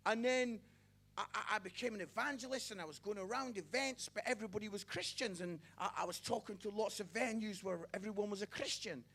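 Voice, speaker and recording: A young evangelist delivers a fervent sermon in a notably high voice for a man. He builds to loud, excited bursts, then drops to hushed confessions, and trips over his words with repeated stammered starts. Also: brisk. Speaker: evangelist preacher. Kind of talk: passionate sermon.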